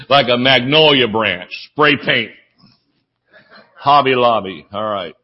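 A man's voice: medium pitch, breathy edge, lo-fi sound. A man with a Southern US accent, preaching a humorous sermon full of stories and laughter. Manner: animated storytelling, laughs often.

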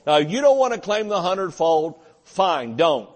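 A man's voice: fairly high pitch, big pitch swings, unhurried, hardly any pauses. A male pastor, preaching a sermon in a folksy, joking way and often saying amen.

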